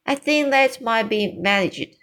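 A composed, dignified queen with formal speech, as a woman reads her part. Her lines come slowly and evenly. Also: fairly high pitch, expressive, a bit bright, voice pushed up.

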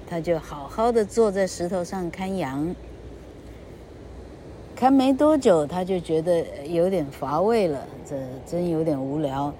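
A woman reading a children's storybook aloud and explaining it in a slow, expressive teaching manner. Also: on the low side, a little hiss or hum.

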